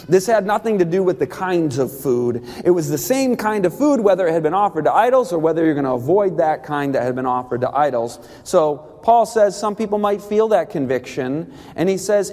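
A man giving an emphatic, animated talk on Bible diet rules, with quick asides and laughs. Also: on the high side, long reverb tail.

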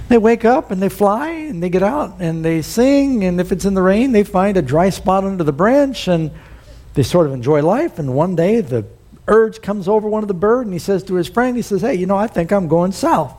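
A man's voice: high-pitched, lively intonation, moderate pace, a little mellow. A male pastor preaching a sermon, telling folksy stories and building to emphatic points. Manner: folksy storytelling with rising emphasis.

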